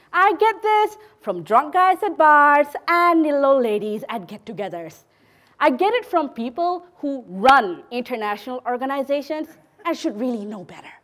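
Sarcastic woman performing a lively monologue. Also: sits high, normal speed. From Malaysia. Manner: sarcastic, lively, turning quiet and solemn. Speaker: spoken word performer. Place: theater stage.

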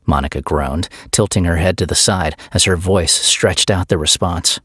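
Deep-voiced male audiobook narrator. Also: moderate pace, hardly any pauses, fairly bright tone, husky, dry recording, studio quality.

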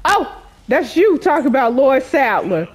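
In a high-pitched, husky, sing-song voice at a measured pace, the gaming YouTuber talks casually with her audience using slang. She jumps at things, giggles nervously and shrieks mid-game.

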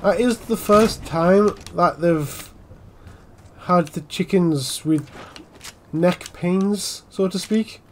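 A young man giving casual, jokey commentary while playing a game, swinging between muttering and yelling. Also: sits high, slow, slight background noise. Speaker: gaming channel host.

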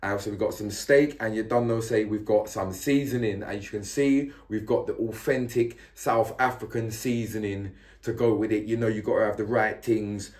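A man chatting casually to his viewers while cooking, slangy and laid-back with excitable bursts. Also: lowish voice, normal speed, hardly any pauses. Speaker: cooking vlogger. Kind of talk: casual cooking vlog chat.

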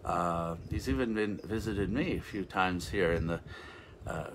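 A man's voice: low-pitched, a little slow, noisy background. A man giving an informal, rambling sermon as a revival minister, with frequent restarts and interjections of praise.

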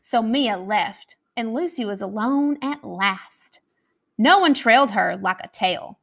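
A woman with an American accent reading a children's picture book aloud, expressive and animated, taking on voices for the characters. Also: a little high, takes it slowly, creaky. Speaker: school academic coach reading aloud. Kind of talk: children's storybook read-aloud.

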